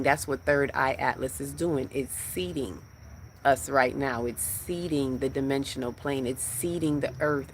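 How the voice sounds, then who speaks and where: A woman's voice: sits low, slight background noise. A woman hosting a spiritual livestream, teaching in a rhythmic, repetitive preaching cadence.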